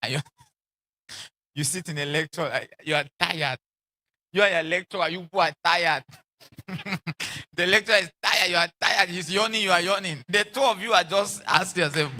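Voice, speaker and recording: A man preaching a sermon in an animated way, acting out quoted voices and repeating lines for emphasis, with laughs between lines. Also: sits high, normal speed.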